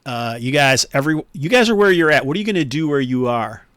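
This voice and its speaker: A man running a tabletop game for friends over a video call. He explains the rules in loose, halting sentences full of fillers and restarts. His voice sits in a middle pitch and sounds dry and close, with no room around it. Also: lively intonation, fairly bright tone, clear, resonant tone, no room sound. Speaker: game master. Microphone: headset or desk mic on a video call.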